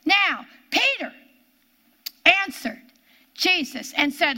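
A woman teaching the Bible in a sermon, dramatic and emphatic, asking rhetorical questions and dropping to hushed tones. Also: high voice, expressive, measured pace. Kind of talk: sermon, reading and expounding scripture.

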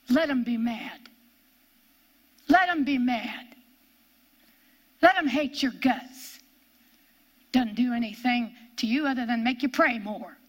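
Older lady preaching hard, high bright voice, hammers the same phrases over and over. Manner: emphatic, repeats key phrases, drawn-out stresses. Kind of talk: sermon.

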